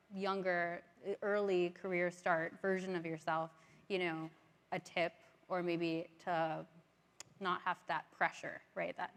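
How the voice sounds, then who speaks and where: Woman moderator, lower voice, chatty, encouraging, hall reverb. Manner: chatty, encouraging, many affirmations. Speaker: panel moderator. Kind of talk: moderating a panel. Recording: live stage, long hall reverb.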